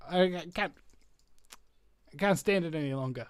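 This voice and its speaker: A fairly high-voiced man with a New Zealand accent holds forth on his own show in a rambling monologue. He stumbles over restarts and swings between loud bursts and quiet muttering. The sound is dry and close, with no room around it. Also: very animated, unhurried, long pauses, clean tone, no echo. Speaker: talk show host. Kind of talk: animated monologue.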